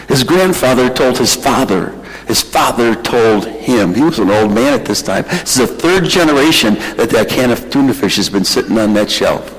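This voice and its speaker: A man preaching, telling a mission story in an emotional, animated way. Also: mid-range voice, long reverb tail, rough recording. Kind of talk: sermon storytelling.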